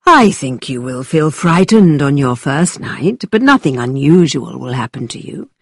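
A woman voicing a playful young gentleman who tells a tale in a low, dramatic voice to tease a listener. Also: very animated, measured pace, gravelly, husky, dry recording, clean studio sound, heavily acted. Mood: spooky.

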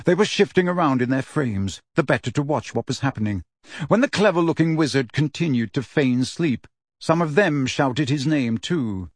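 A man narrating an audiobook with expressive, scripted storytelling. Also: mid-range voice, normal speed, no room sound, studio quality.

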